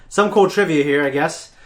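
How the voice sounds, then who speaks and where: A young man hosting a reaction show, telling a long story in a casual, animated way with frequent laughs. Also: on the high side. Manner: animated, laughs often, acts out other voices.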